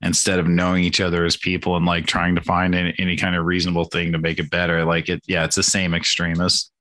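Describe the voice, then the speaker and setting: A man in his thirties talks in a very low voice with a bright, forceful edge. He rambles through casual podcast chat, swearing often and leaning on "like" fillers. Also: completely flat delivery, quick pace. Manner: rambling, profane, many "like" fillers. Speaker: podcast co-host.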